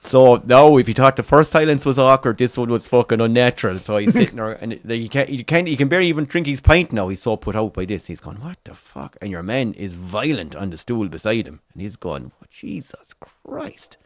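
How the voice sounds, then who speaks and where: A man's voice: medium pitch, fast talker, few pauses, no room sound. An Irish man co-hosting a football watchalong, telling a long swearing pub story and acting out the people in it. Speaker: watchalong co-host.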